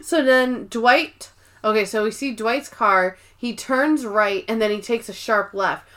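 A woman co-hosting a podcast, recapping TV episodes in relaxed, animated chat with casual swearing. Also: fairly high pitch, a little slow, heavy background noise. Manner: animated retelling, slips into quoted character voices, swears casually. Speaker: podcast co-host.

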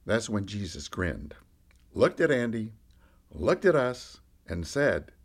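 A man's voice: lowish voice, slow pace, exaggerated voice. A man playing a candid fisherman disciple. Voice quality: lively storyteller, rising and falling with the action. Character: a fisherman disciple, candid, middle-aged man recalling his past. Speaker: podcast storyteller. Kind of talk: first-person character monologue.

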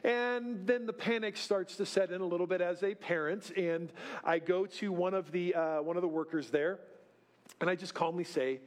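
A man's voice: sits high, normal speed. A middle-aged man preaching in a church, telling self-deprecating stories in a folksy way and often checking in with "right?". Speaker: pastor. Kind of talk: sermon. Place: church sanctuary.

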